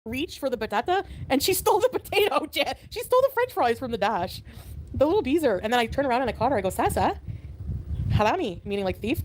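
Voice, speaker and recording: A woman's voice: high voice, big pitch swings, fast talker, poor audio. A woman chatting on a stream, telling a story in a chatty way. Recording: faint background noise.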